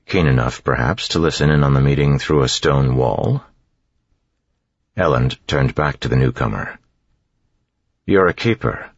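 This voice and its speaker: A man narrates an audiobook in a very deep, husky voice. His reading is steady and even. The recording is dry and slightly muffled. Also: moderate pace, dry recording.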